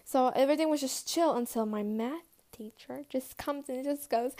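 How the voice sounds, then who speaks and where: A teenage girl telling casual storytime anecdotes, chatty and quick to swear and laugh, with lots of "like". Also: high voice, darkish tone. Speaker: vlogger.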